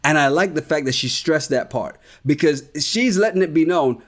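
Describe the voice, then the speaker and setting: Animated, blunt podcast man. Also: fairly high pitch, moderate pace. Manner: animated, blunt, swears freely. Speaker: podcast co-host. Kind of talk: casual recap chat.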